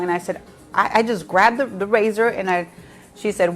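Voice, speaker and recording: A woman's voice: lowish voice, moderate pace, faint music behind. A middle-aged woman hosting a casual live cooking class from her kitchen, telling stories with laughs and talking straight to her viewers. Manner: chatty, warm storytelling with laughs and asides to viewers. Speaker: cooking show host. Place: home kitchen.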